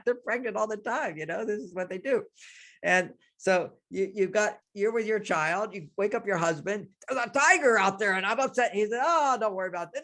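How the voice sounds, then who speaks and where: An older man, a relationship expert on a radio interview, explaining ideas through lively stories and acted-out quotes. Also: high-pitched. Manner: animated storyteller, acts out quotes, laughs often.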